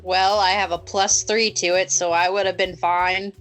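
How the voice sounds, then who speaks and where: A woman's voice: lowish voice, level tone, normal speed, a bit bright, soft background music. A woman playing a tabletop role-play game, upbeat and playful about her dice rolls. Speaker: player.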